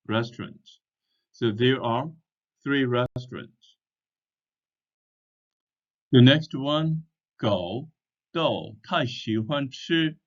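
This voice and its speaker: A man teaches at a very slow, careful pace, spelling words out letter by letter. He speaks with a mid-range voice. The recording sounds dull and lo-fi. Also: medium pitch. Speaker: English teacher. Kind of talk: slow explanatory language lesson.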